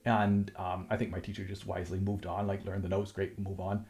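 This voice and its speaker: A man's voice: low voice, little pitch movement, fairly quick, creaky, a little mellow. A man teaching a harp lesson, explaining rhythm and counting the beats aloud as he plays, with frequent restarts.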